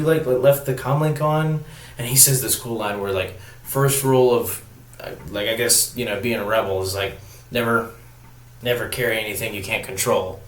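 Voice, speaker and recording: A lowish-voiced man talks through a TV episode in a loose, rambling way, leaning on "like" and "you know" as he goes. His voice carries a noticeable room echo, as if he is recording in a bare space. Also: fairly bright tone. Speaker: TV show reviewer. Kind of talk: casual spoken review. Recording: roomy echo.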